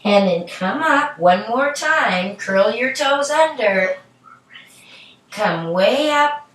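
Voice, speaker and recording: A middle-aged woman guiding a children's yoga class in a gentle, encouraging, playful way. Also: on the high side, expressive, takes it slowly. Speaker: yoga instructor. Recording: echoey room, from a distance.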